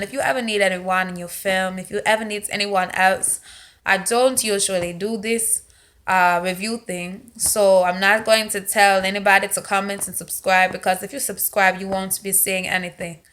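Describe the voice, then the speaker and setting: A woman's voice: medium pitch, fairly even intonation, normal speed, bright, forceful tone, echoey room. A woman from Alabama reviewing a film in a casual vlog, playfully talking in a strong put-on accent and stretching her phrases for emphasis. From Montgomery, Alabama, United States. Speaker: movie reviewer.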